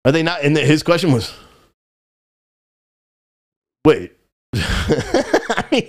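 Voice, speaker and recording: A man hosting a live political commentary show, talking in a frustrated, rambling way and often repeating himself. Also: on the high side. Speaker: podcast host.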